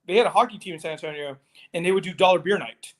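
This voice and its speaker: A man with a notably high voice for a man, chatting on a relaxed podcast. He keeps things laid-back and profane, dropping in quick agreements between his stories. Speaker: podcast co-host. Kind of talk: casual chat.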